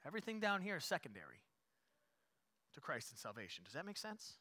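A man preaching a sermon as pastor, repeating his points, rising to loud emphatic peaks and dropping to quiet asides. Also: a little high, huge pitch swings, a little fast, long pauses. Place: church.

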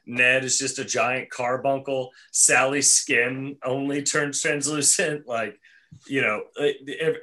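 Man, podcast host, bright tone, eager, loose casual chat. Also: mid-range voice. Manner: enthusiastic, says "dude" often.

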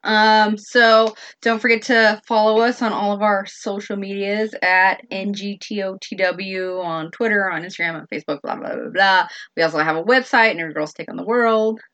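A woman's voice: mid-range voice, steady tone, normal speed, few pauses, a bit bright, muffled recording. A woman co-hosting a podcast in casual chat, mostly giving short, agreeable replies. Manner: brief, agreeable responses. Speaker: podcast co-host.

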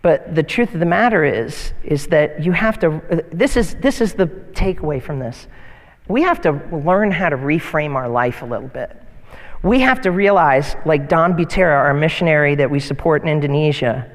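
Pastor, male, high voice, animated sermon delivery, church hall reverb. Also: normal speed. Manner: animated preaching with mocking whiny voices for quoted complainers. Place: church sanctuary.

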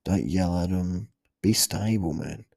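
A man's voice: low voice, measured pace, vocal fry, a little mellow, no room sound. A man in his late thirties, hosting a podcast and giving blunt, profane life advice in a casual chat, often laughing.

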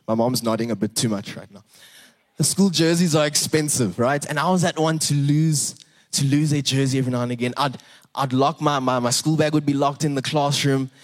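Earnest young male preacher. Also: mid-range voice. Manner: earnest and animated, with repeated words and emphatic rises. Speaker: pastor. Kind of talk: sermon.

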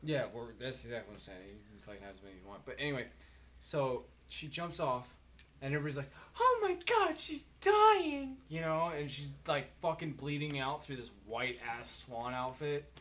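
Drunk young dude rambling thru a movie plot, lots of swearing, bit of hiss behind. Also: male voice, mid-range voice, a little fast, a bit bright. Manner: rambling, profane storytelling. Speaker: friend in a group chat. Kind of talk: casual chat.

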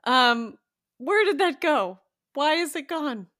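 A woman co-hosting a casual podcast chat about songs, playful and joking with quick asides. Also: high-pitched, animated, a bit bright. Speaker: podcast co-host.

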